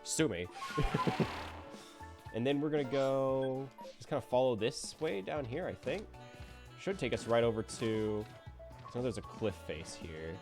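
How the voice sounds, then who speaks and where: A man's voice: mid-range voice, animated, a little slow. A man with an ordinary mid-range voice gives loose, running commentary while he plays a game. He jokes and talks back to the characters on screen as he goes. Faint game music plays underneath. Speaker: streamer. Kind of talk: casual gameplay commentary.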